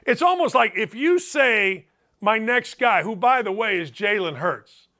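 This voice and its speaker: A man hosting a sports talk show, arguing his case in an emphatic monologue. His voice sits high and bright. His pitch swings widely as he presses each point. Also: big pitch swings, unhurried. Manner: emphatic, argumentative, mock-quotes critics in a higher voice. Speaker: sports radio host.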